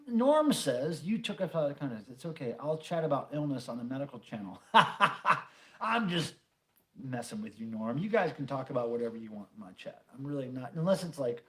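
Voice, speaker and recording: Rambling through viewer comments on his casual stream, this middle-aged man uses lots of filler words and swears now and then. He has a medium pitch and a slightly bright sound.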